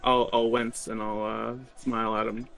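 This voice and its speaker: A man talking quietly and hesitantly as a player in a tabletop game, with many fillers. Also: lowish voice, level tone, normal speed, gravelly, far from the mic, over music. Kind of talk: casual tabletop play.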